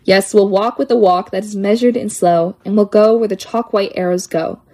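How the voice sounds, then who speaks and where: A woman's voice: mid-range voice, steady tone, moderate pace, warm tone. A woman reading children's poems aloud with a lilting, playful sing-song delivery. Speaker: poetry reader.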